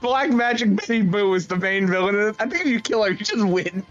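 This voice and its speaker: A man's voice: sits high, lively intonation, a little fast, a bit bright, faint music behind. Male co-host, casual game chat, swears, joking, muffled mic sound. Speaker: streamer co-host. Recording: slightly dull mic sound.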